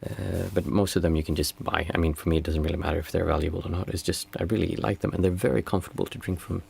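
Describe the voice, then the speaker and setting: A man's voice: deep voice, steady tone, creaky, a little mellow, breathy edge. A man, a meditation teacher chatting casually and reflectively with viewers on a livestream. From Sweden. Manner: unhurried, reflective, reads out chat messages.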